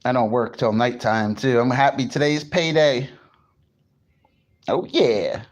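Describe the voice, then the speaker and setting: This livestream host, a man from New Jersey, speaks at a measured pace with a medium-pitched voice. It's a morning stream, and he chats casually, greets his viewers and swears freely.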